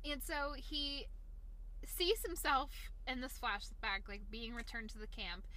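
A young woman recapping a show in casual chat, animated and swearing, laughing as she acts out scenes. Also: fairly high pitch, a little slow.

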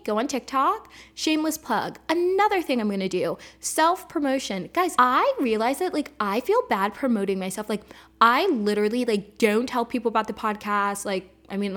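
Young female podcast host, bubbly and chatty, slightly high-pitched. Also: a bit bright. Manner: chatty, bubbly, heavy use of "like". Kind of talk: casual solo podcast chat.

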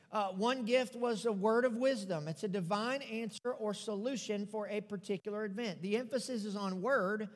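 High-voiced pastor preaching in a reverberant hall. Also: male voice. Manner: preaching with call-and-response, repeats phrases for emphasis. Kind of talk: sermon. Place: church sanctuary. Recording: long reverb of a church hall.

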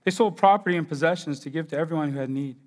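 A middle-aged man preaching a sermon as pastor, swinging between loud outbursts and quiet asides. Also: a little high, racing.

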